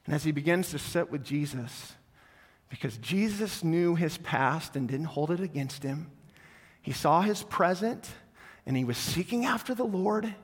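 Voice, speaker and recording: A male pastor tells a story during a sermon and grows softer and lower as he invites the church to respond. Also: lively intonation, normal speed, husky. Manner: storytelling, falls soft and low when inviting. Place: church sanctuary. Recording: long hall reverb.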